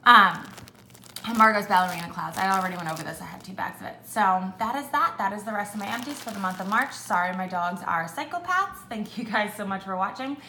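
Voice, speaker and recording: A woman's voice: mid-range voice, expressive, fast talker, bright, forceful tone. A young woman chatting casually at home, reviewing products with lots of fillers. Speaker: beauty vlogger. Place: home with dogs. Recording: echoey room, faint noise.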